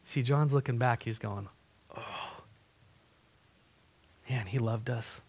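A man preaching a sermon, animated and asking his listeners questions. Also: mid-range voice, takes it slowly, husky. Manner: animated, asks the congregation questions. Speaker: pastor.

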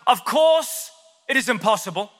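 A man's voice: high-pitched, sing-song, normal speed, a bit bright, voice pushed up. A man doing a blunt, commanding divine teacher. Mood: exasperated command. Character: firm, exasperated divine male teacher. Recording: long hall reverb.

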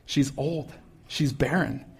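A man voicing a doubtful elderly priest in a sermon, incredulous and slightly softer than his own voice. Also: mid-range voice, slow, husky, heavily acted.

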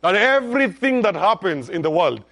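A middle-aged male pastor preaching a sermon, calling on the congregation to respond and swinging between hushed and loud emphasis. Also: high voice, big pitch swings, normal speed.

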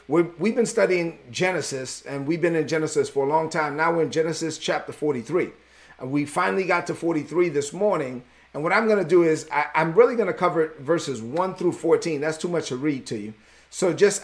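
A man preaching a conversational sermon with a folksy, animated delivery. His voice sits high and has a gravelly edge. He speaks straight to his listeners. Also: fairly quick.

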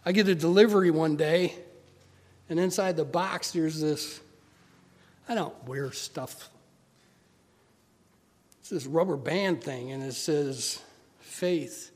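A man preaching a sermon, telling stories and swinging from loud urging to quiet, intimate asides. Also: a little high, slow, long pauses. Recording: long hall reverb.

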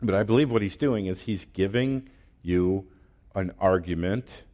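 Slow low-voiced man preaching. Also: darkish tone. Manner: conversational, laughs often, many fillers and restarts. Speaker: pastor. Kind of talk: sermon.

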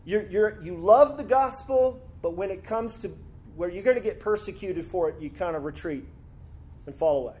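Guy preaching a sermon, pretty high voice, chatty asides, gets fired up reading scripture. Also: moderate pace, darkish tone, breathy edge. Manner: expository, reads scripture aloud with rising fervor; conversational asides with tag questions.

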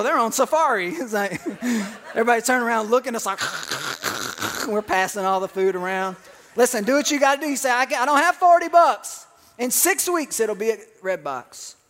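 A man's voice: high-pitched, a bit bright. A man preaching a sermon as pastor, telling joking stories with bursts of laughter.

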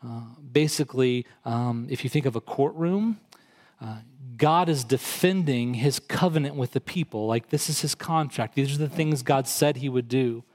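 A man's voice: normal speed, a little mellow. A male pastor preaching a sermon, explaining scripture conversationally and rising in intensity for emphasis. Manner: rises in pitch and intensity when quoting and emphasizing.

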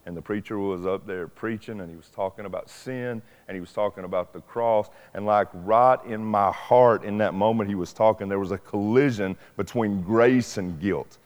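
A man's voice: on the low side, moderate pace, few pauses, a little mellow. A middle-aged man, preaching a sermon in an earnest, personal, conversational way. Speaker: pastor. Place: church sanctuary. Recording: long church reverb.

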